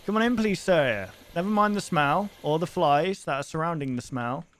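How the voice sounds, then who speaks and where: A man voicing a polite male video-store shopkeeper in a game, reading the lines in a lowered, courteous voice. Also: animated, moderate pace, fairly bright tone. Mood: politely apologetic.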